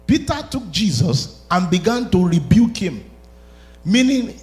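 A man preaches a sermon with a voice that swoops up and down, sitting a little high. He works himself into shouts and laughs between his points. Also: big pitch swings, slow pace, pauses often.

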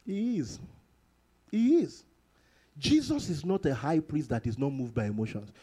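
A male pastor delivers a sermon in a high, bright voice. His pitch swings widely as he leans on repeated phrases and breaks into sudden high bursts. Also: measured pace, husky. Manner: animated preaching with sudden high bursts and laughs.

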